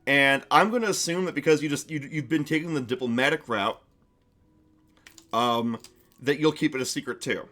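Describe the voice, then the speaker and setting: A man's voice: mid-range voice, moderate pace, sharp tone. A man narrating a tabletop game on his stream, casual and chatty, with lots of restarts.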